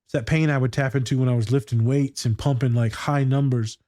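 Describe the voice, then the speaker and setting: A man with a dark, mellow voice talks loosely and swears freely, sliding into stories from his own life. He is recorded close and dry, with almost no room sound. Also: medium pitch, steady tone, a little fast, no echo. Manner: profane, slangy, storytelling. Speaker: podcast co-host and school therapist. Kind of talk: casual chat reacting to a TV scene.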